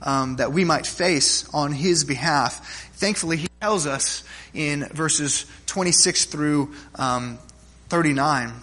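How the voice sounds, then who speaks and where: Husky-voiced pastor, higher-pitched man. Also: takes it slowly, bright, forceful tone. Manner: conversational, checks in with listeners with "right?"; humorous stories, frequent restarts. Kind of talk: sermon.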